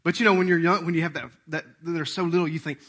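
A pastor in his thirties delivers a sermon in a folksy, joking manner. His voice sits a little high and carries a bright, forceful edge. He keeps the talk animated and playful. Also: racing.

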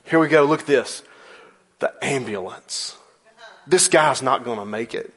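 A man's voice: mid-range voice, a little slow, husky. A man in his forties preaching a sermon in a church, telling a story with playful asides. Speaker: pastor.

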